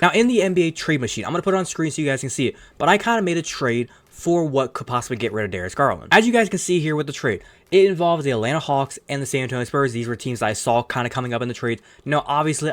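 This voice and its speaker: A man hosting his own sports channel, giving rambling, opinionated commentary in a casual tone and swearing now and then. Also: fairly high pitch. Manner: fast rambling opinionated talk with some cursing.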